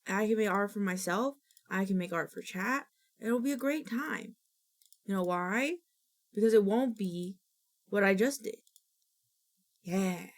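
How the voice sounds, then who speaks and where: A woman's voice: medium pitch, unhurried, pauses often. A woman streamer chatting casually on a live stream, rambling and frustrated, sometimes slipping into goofy baby talk.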